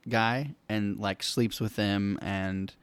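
A man in casual movie talk as co-host, excitable and quick to laugh. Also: fairly low pitch, smooth, no room sound.

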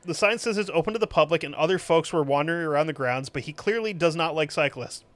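A man hosting a podcast, reading reviews aloud with sarcastic, profane, deadpan asides. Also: on the high side, fast. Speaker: podcast host.

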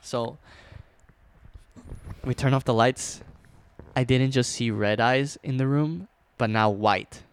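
A man's voice: mid-range voice, slow, pauses often, smooth, no echo. A young man telling a story in a casual chat, loose and slangy, with plenty of swearing and filler words.

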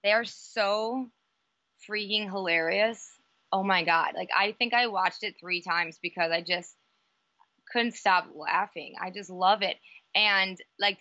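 A woman's voice: medium pitch, bright, forceful tone, no room sound, highs cut off. A woman co-hosting a podcast, chatting casually and enthusiastically about college gymnastics. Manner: enthusiastic, gushing. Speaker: podcast co-host.

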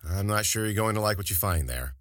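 A man's voice: fairly low pitch, animated, a little fast, fairly bright tone, no echo, studio quality. A man voicing an old, good-humored general who talks in a mocking, amused way in an audiobook story. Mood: coaxing. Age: older.

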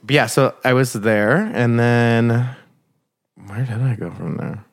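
A man in his twenties, a podcast co-host, telling animated stories in casual chat, full of "like" and swearing. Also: medium pitch, slow pace, dry recording, clean studio sound. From Midwest of the United States. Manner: animated storyteller, lots of "like", swearing, laughing.

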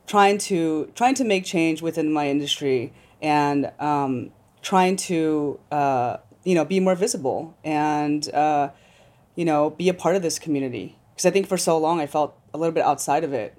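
A woman guest on a podcast, speaking hesitantly with many pauses. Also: low-pitched, a little mellow. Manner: hesitant, halting. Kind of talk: casual chat.

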